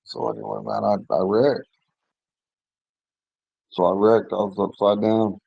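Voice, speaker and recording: Slightly hoarse man telling a rambling story. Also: fairly low pitch, level tone, a little slow, no echo, lo-fi sound. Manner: rambling, with restarts and frequent throat clearing. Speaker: language class member telling a story. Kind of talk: casual personal storytelling.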